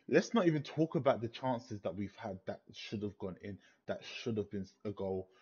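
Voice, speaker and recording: A man's voice: fairly high pitch, darkish tone, breathy edge, highs cut off. A young man in a furious, swear-filled rant after a football match, repeating himself in disbelief. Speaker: football fan vlogger. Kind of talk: angry post-match rant.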